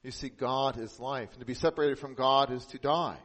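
With a medium-pitched voice, this pastor preaches earnestly, alternating raised emphasis with soft, slow passages on the central points.

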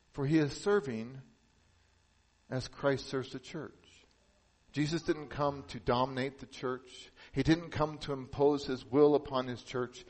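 A man preaching a sermon as pastor. He speaks earnestly and drops to a hushed, solemn tone for emphasis. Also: a little high, poor audio.

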